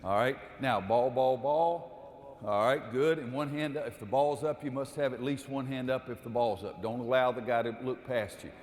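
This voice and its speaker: In a large gym with long reverb, an older man coaches basketball players through a defensive drill, explaining the steps and barking repeated commands. His medium-pitched voice moves a little fast with few pauses, in an instructive, on-court clinic style.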